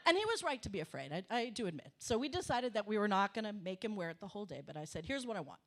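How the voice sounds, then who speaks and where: A middle-aged woman telling a comic story on a cafe stage, animated and emphatic, swearing for punch. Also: medium pitch, racing, hardly any pauses. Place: small cafe stage before an audience.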